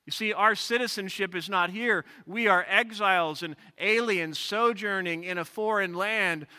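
Preaching at a moderate pace, this male pastor has a high, bright, smooth voice with a forceful tone. He reads scripture aloud and unpacks it with personal anecdotes, his expository sermon ringing with the long reverb of a large sanctuary.

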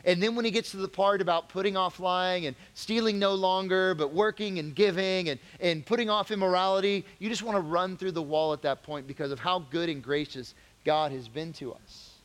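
A man preaching to teens in a church hall, his fairly high voice carrying a long reverb. He talks casually, then builds to pressing, emphatic questions. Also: brisk, few pauses. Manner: animated, conversational, rising to emphatic questions. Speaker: youth pastor. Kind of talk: youth group Bible lesson.

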